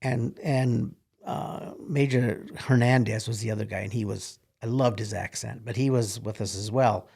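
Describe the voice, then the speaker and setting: A man's voice: medium pitch, steady tone, normal speed, gravelly, darkish tone, husky. An older man, a retired military officer, telling folksy rambling stories in an interview. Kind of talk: casual storytelling in an interview.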